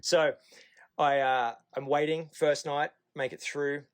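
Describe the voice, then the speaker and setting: A man's voice: on the high side, level tone, slow, clear, resonant tone. A man in his thirties with an Australian accent, telling a podcast story in a candid, profane way and acting out the nurses' lines. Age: 30s. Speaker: podcast guest. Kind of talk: casual storytelling.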